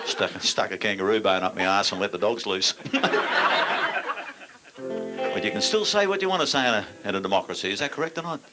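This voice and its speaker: A man's voice: on the low side, noisy background. An older man with an Australian accent, a stand-up comedian telling crude yarns with blunt, dry punchlines to a laughing audience.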